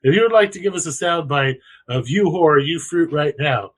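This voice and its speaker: Young man, podcast co-host, casual chat, crude slang, rambling, animated, slightly high voice. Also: moderate pace, a little hiss or hum, rough recording.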